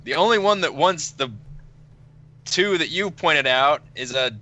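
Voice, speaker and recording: A man playing a tabletop game, quick and joking. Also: a little high, expressive, pushed and bright. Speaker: player.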